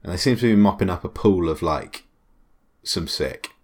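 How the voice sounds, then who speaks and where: A man's voice: deep voice, expressive, moderate pace, darkish tone. A man running a comedy tabletop game as game master, rambling with many fillers. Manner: rambling, laughing, filler-heavy.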